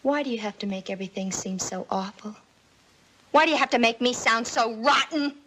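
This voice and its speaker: A woman's voice: a little high, a little fast, a bit bright, low-quality recording. An actress playing a troubled schoolgirl accused of setting fires, pleading and defensive, in 1950s TV drama style. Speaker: daughter Alice.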